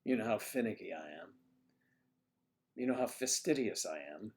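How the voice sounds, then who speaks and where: A man's voice: lowish voice, expressive, moderate pace. A man hosting a casual livestream, chatting with viewers and reading their comments, teasing and muttering asides to himself.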